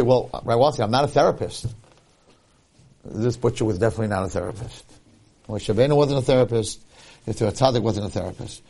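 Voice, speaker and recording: A man's voice: mid-range voice, vocal fry, slightly rough. A rabbi telling a story during a Torah lecture, acting out the people in it and repeating his key points for emphasis. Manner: animated, acts out the people in his stories.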